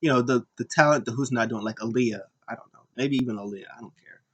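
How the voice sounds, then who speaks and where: A man's voice: quick pace, fairly bright tone, highs cut off. Rambling jokey man recapping wrestling. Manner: rambling, jokey, mimics wrestlers in high squeaky voices. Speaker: wrestling podcast host. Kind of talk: casual recap commentary.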